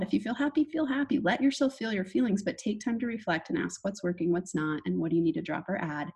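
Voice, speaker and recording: A woman's voice: medium pitch, a little mellow, breathy edge. A young adult woman hosting her own podcast as a manifestation coach, talking candidly and reflectively with fillers and restarts. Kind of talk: solo podcast monologue.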